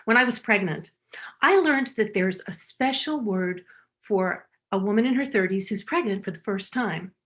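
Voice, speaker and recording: A woman's voice: mid-range voice, lively intonation, normal speed, a bit bright. A middle-aged woman doing stand-up, telling wry, self-deprecating stories. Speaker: stand-up comic. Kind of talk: stand-up comedy.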